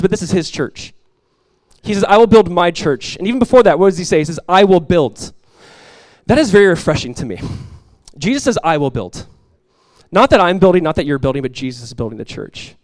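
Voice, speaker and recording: A pastor delivers a lively, conversational sermon, telling stories and acting out the voices he quotes. His voice is high and the sound carries no echo.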